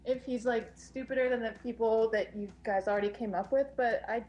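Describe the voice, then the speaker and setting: A woman's voice: a little high, fairly even intonation, a little fast, darkish tone, soft background music. Giggly woman calling in. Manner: giggly, chatty. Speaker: caller. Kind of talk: casual call-in chat.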